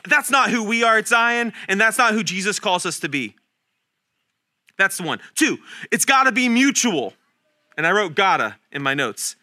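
A man in his thirties preaching a sermon in a church, animated and self-deprecating, showing points with his hands. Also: high voice, normal speed. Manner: animated, self-deprecating, talks with hand demonstrations. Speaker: guest preacher. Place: church sanctuary.

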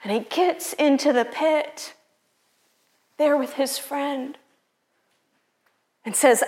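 A woman pastor preaches in a slow, unhurried, conversational way. Her voice sits a little high, and she speaks personally to the people in front of her. The sound echoes around a large church sanctuary. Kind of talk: sermon.

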